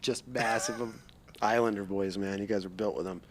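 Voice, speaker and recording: A man's voice: fairly low pitch, steady tone, normal speed. A man hosting a podcast interview, telling rambling, profane stories with many restarts. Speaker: podcast host. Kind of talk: casual interview chat.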